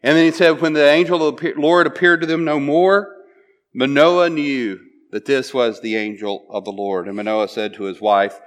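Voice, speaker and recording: A man's voice: mid-range voice, fairly even intonation, moderate pace. A man preaching a sermon, retelling a Bible story in a conversational way, often checking in with "right?" and restarting his phrases.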